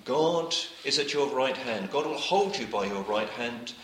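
A man preaching a sermon, reading scripture aloud and repeating his points, often letting his phrases drop to a quiet close. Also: medium pitch, lively intonation, measured pace, echoey room, a little hiss or hum, poor audio.

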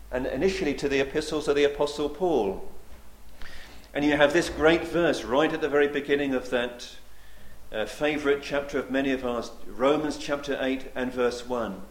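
A male preacher delivering a sermon, swinging between loud emphatic declarations and quiet, drawn-out endings. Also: medium pitch, echoey room.

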